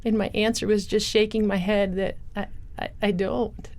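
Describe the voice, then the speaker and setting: A middle-aged woman, a guest in a studio interview, tells her life story earnestly and acts out the voices she quotes. Her voice is medium in pitch and darkish, with little pitch movement and a moderate pace.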